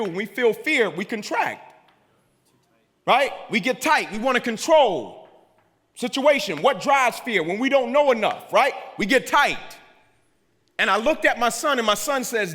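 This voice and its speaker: Guy giving a keynote on stage, slightly high voice, repeats lines for drama, long hall echo. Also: very animated, a little slow. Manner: builds intensity with repetition, swings between loud and hushed. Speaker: motivational keynote speaker. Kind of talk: dramatic storytelling speech. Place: large event venue on stage. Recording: long reverb of a big live hall.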